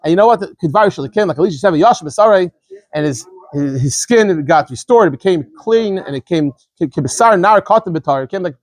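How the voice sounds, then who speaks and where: A man, a rabbi, giving an informal Torah lesson, explaining quickly and animatedly, often stumbling and repeating words as he goes. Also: sits high, no echo. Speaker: rabbi teaching a daily scripture class.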